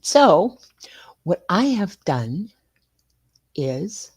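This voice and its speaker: An older woman, chatting casually as a live-stream host. She reads out viewer comments and mutters to herself while fumbling with her streaming software. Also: on the low side, sing-song, extremely slow, slightly rough. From United States. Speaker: livestream host.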